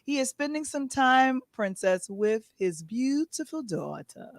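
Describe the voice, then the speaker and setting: Chatty woman hosting a live stream, laughs a lot, talks slow, no room echo. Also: high voice, clean studio sound. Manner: laughs often, chatty and excitable. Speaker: host. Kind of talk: casual live-stream chat.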